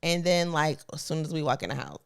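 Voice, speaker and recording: Woman, podcast co-host, playful, laughing, lively rising and falling pitch. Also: fairly quick, vocal fry, clear, resonant tone. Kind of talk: casual couple chat.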